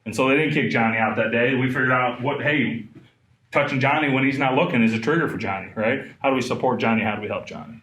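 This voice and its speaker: A man in his thirties giving a live trauma training talk, animated and conversational, often asking the room questions. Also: medium pitch, quick pace, a little hiss or hum. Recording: echoey room.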